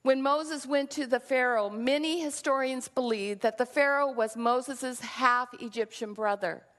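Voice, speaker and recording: Woman pastor, sermon delivery, earnest and reflective, slightly high voice, echoing church hall. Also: unhurried, a bit bright. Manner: earnest, reflective preaching with acted quotes. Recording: long reverb of a large hall.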